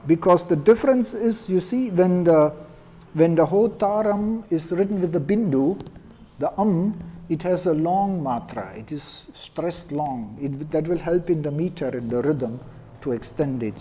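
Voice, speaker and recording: A man lectures in a calm, explanatory way, often saying "no?" to check on his listeners. His voice is pitched a little high but mellow and dark, with faint ambient noise in the room, and he leads each chant line slowly for the class to repeat. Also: low-quality recording. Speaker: Veda teacher. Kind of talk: lecture with call-and-response chanting.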